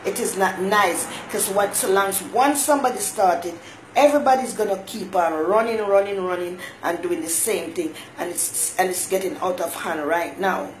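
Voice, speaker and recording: A woman's voice: mid-range voice, moderate pace, a little hiss or hum, low-quality recording. Woman hosting an advice live stream. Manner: folksy motherly advice, greets viewers by name. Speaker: talk show host. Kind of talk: casual live-stream monologue.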